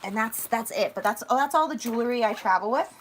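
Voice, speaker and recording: A woman's voice: fairly high pitch, lively intonation, fast talker, a bit bright, a little hiss or hum. Chatty young woman with a Philly accent. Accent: Philadelphia area. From outside Philadelphia. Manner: chatty, rambling, self-mocking. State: slightly hoarse. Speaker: vlogger. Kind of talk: casual livestream chat while packing.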